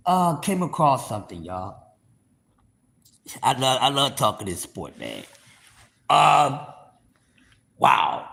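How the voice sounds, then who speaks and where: A man's voice: on the high side, creaky, pushed and bright. A man hosting a live stream, ranting heatedly about boxing to his viewers, profane and repeating words for emphasis. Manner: speaks straight to the viewers as y'all. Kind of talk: casual boxing rant to a live audience.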